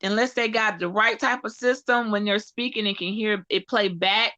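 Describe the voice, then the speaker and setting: A woman in a casual panel chat, rambling and animated, often trailing off mid-sentence. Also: mid-range voice, moderate pace, dry recording, muffled recording. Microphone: home podcast setup.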